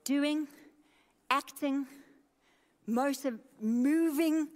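A woman's voice: high voice, slow. A woman pastor in her thirties preaching a sermon with an emphatic, repetitive cadence.

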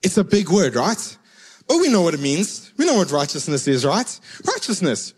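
A man's voice: a little high, sing-song, normal speed, a little mellow, slightly rough, in a large hall. A man preaching a sermon in a conversational, storytelling way, repeating his key words for emphasis.

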